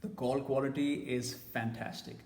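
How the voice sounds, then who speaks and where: A man's voice: mid-range voice, steady tone, moderate pace, darkish tone, reverberant, big-room sound. A man giving a casual, blunt and opinionated tech review.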